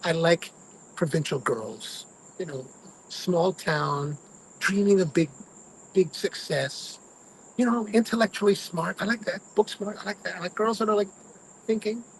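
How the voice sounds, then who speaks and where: A man hosts a cigar review, chatting casually with live viewers and rambling through personal stories, even mimicking his own grumbling. His voice is high and a little slow. The recording is rough, with slight background noise.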